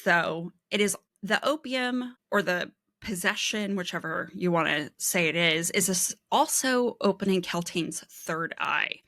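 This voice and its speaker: A woman's voice: fairly low pitch, pushed and bright, no echo, clean studio sound. A woman co-hosting a book podcast over a video call, laying out careful analysis and reading quotes aloud. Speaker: podcast co-host. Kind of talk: casual book discussion.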